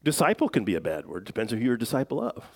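A middle-aged man preaching a sermon in a relaxed, conversational way, with self-deprecating jokes and frequent fillers. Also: mid-range voice, racing. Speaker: pastor.

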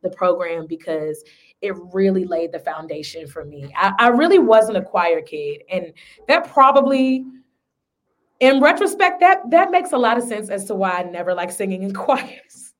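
Expressive woman in a casual podcast chat. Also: mid-range voice, normal speed. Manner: animated, expressive, swings between loud and soft. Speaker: podcast guest, singer.

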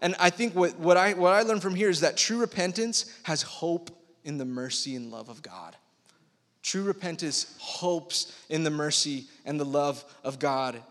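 Energetic young male youth pastor preaching. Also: on the high side, moderate pace. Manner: energetic, slangy, animated storytelling. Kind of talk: casual youth sermon. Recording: long reverb of a large hall.

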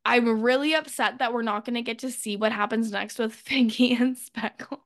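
A woman co-hosting a podcast, chatting casually and loudly as she recaps a TV episode and acts out the characters' lines. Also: on the high side, moderate pace, no echo, studio quality. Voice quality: loud. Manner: animated, acts out characters' lines when retelling. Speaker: podcast co-host.

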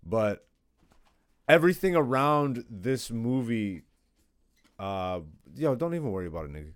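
A man's voice: mid-range voice, big pitch swings, measured pace, no echo, studio quality. A man in his thirties hosting a podcast in casual, joking chat, swearing often. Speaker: podcast host.

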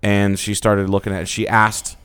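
A man's voice: fairly low pitch, monotone, moderate pace, fairly bright tone, clear, resonant tone. A man co-hosting a podcast, casually telling a dating story, acting out quoted lines and laughing often. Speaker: podcast co-host.

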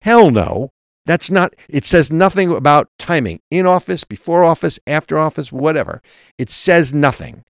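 A man with a slightly high, animated voice speaks at normal speed in a dry, studio-quality recording. He co-hosts a political talk show, arguing emphatically and reading legal text aloud.

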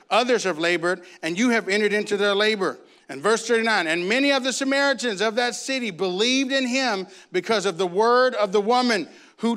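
Male preacher, animated storyteller, high and clear delivery. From grew up in a Baptist church. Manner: animated storytelling, acts out voices. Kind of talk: sermon.

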